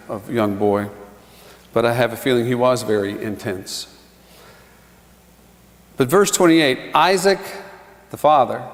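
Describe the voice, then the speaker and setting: Guy preaching in church, chatty with little laughs, mid-pitched, big church echo. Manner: conversational, chuckling asides, acts out quotes. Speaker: pastor. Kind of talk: sermon. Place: church sanctuary. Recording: church hall reverb.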